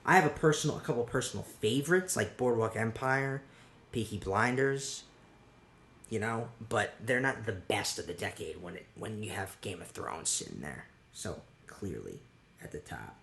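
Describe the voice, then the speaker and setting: A man's voice: fairly low pitch, lively intonation, normal speed, vocal fry, fairly bright tone, a little hiss or hum. A man hosting a solo podcast in casual chat, rambling with restarts and casual swearing. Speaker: podcast host.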